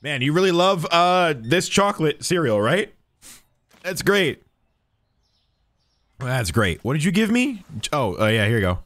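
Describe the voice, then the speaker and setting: A man's voice: on the high side, very animated, a little slow, long pauses, a bit bright, dry recording. A man streaming a game, chatting playfully with in-game customers as if he were a cheerful cashier. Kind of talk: casual gameplay commentary.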